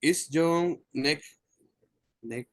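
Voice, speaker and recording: A male student, reading aloud haltingly in an online English class and repeating the teacher's corrections. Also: fairly high pitch, no echo. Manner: halting, stumbles over words and repeats corrections. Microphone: video call.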